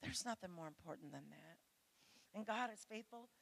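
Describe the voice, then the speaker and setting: Earnest woman preaching, gravelly edge. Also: medium pitch, animated, normal speed, fairly bright tone. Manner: earnest, pleading, speaks directly to the women listening. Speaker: women's ministry speaker. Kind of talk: sermon.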